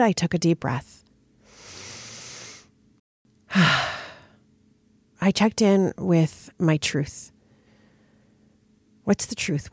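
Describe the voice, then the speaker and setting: A middle-aged woman hosting a podcast, telling a personal story in a candid, expressive way, her voice a little worn from a recent cold. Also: on the low side, breathy edge, dry recording. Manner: candid and expressive, frequent "like" and "right?". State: recovering from a cold. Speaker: podcast host.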